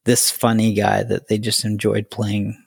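A man's voice: fairly low pitch, completely flat delivery, unhurried, creaky, breathy edge, dry recording, studio quality. A man hosting a podcast interview, chatting casually and enthusiastically with lots of fillers. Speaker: podcast host.

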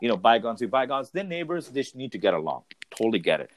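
A man's voice: medium pitch, very animated, fast talker, low-quality recording. A man in casual chat, animatedly telling a story and acting out what others said, laughing along the way.

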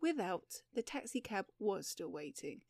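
A woman reads a story aloud at a measured pace and shapes each sentence with expression. Her voice sits at a middle pitch, and the recording is close and dry. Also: big pitch swings, creaky, a little mellow, no echo. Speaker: audiobook narrator. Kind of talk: scripted story narration.

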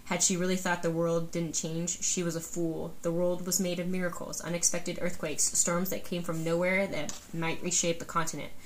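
A woman with a slightly low voice co-hosts a book podcast, reading passages aloud in casual chat. She speaks earnestly and gushes about the story, with faint noise behind her. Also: flat delivery, moderate pace, few pauses, poor audio. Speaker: podcast co-host.

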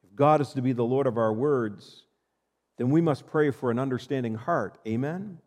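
A man's voice: mid-range voice, moderate pace, darkish tone, big-room sound. Emphatic male pastor preaching. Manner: emphatic, reading scripture and addressing the congregation. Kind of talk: sermon.

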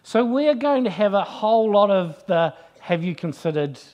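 A man's voice: high-pitched, animated, moderate pace, dull audio. A middle-aged man, giving a chatty sermon full of personal anecdotes and acted-out quotes. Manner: chatty, anecdotal storyteller acting out quoted voices. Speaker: Christian speaker. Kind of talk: conversational sermon with personal stories.

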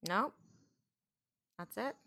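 A woman co-hosting a podcast, speaking softly and hesitantly, asking questions in a casual chat. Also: very slow, no room sound. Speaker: podcast co-host.

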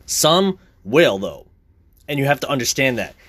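A man's voice: medium pitch, big pitch swings, normal speed, fairly bright tone. A young man talking casually, blunt and profane, in a heated rant.

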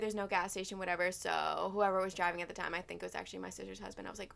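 A young woman in her twenties tells a storytime vlog with lots of swearing and filler words. Her delivery is lively and loose, jumping between exasperation and humor. Her voice sits at an ordinary middle pitch for a woman. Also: fast talker, creaky, hardly any pauses. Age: 20s. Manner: animated, profane, loose storytelling with many fillers. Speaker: vlogger.

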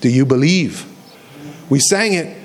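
A man's voice: medium pitch, lively intonation, measured pace, slight background noise. A man preaching a sermon as a pastor, telling the story and acting out the voices of the people in it, and repeating key phrases for emphasis.

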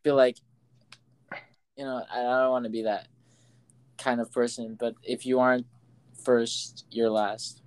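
A man speaks in a medium-pitched voice, adding short, quiet remarks to a casual chat. He sits a little back from the mic. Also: level tone, a little slow, long pauses, clean tone. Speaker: podcast co-host.

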